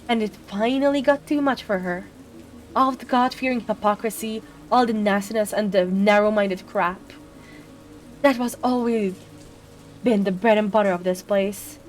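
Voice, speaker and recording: A woman's voice: on the high side, normal speed, soft background music, natural voice. A woman voicing an angry young woman in a video game, ranting bitterly about her hometown. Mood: furious.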